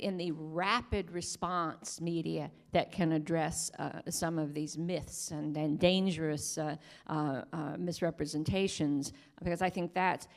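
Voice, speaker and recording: A woman journalist speaking on a panel, halting with many fillers and restarts, earnestly pleading. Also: lowish voice. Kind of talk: panel discussion.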